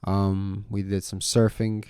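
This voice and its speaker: Young man, casual vlogger, low and mellow, close dry sound; loose, swearing, storytelling delivery. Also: slow pace, clear, resonant tone, no echo. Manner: laid-back, swears casually, says "man" and "you know" a lot; gets loud and animated when retelling the surf story.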